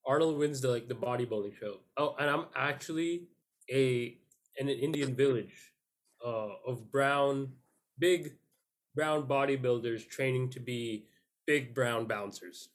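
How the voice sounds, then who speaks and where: A man's voice: medium pitch, unhurried. A young man hosting a podcast, telling a rambling story with crude jokes in casual banter. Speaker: podcast host.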